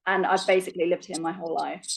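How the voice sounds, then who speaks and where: A woman's voice: on the low side, flat delivery, fast, vocal fry, poor audio. A young woman with a London English accent talks easily as a guest in a casual interview. She is chatty and self-deprecating, laughing often as she answers. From London, England. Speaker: actress guest.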